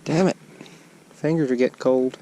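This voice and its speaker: An excitable man talking casually to the camera, outdoors on a frozen lake, with a faint outdoor hush behind him. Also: mid-range voice, moderate pace, noisy background. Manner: excitable, exclaims loudly when he lands a fish. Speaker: angler filming his fishing trip. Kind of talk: casual running commentary.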